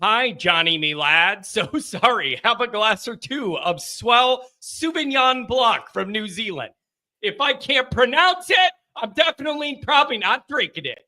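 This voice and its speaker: A man's voice: extremely high pitch, very animated, unhurried, bright, forceful tone. A man hosting a live sports call-in stream, chatting casually from a home studio, rambling and joking with his chat viewers.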